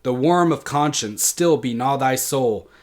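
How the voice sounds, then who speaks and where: A man reading the lines of a bitter deposed old queen who curses her enemies, slowly and deliberately, as part of a lecture. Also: medium pitch, close to an everyday voice. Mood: cursing. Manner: slow, deliberate dramatic reading of verse.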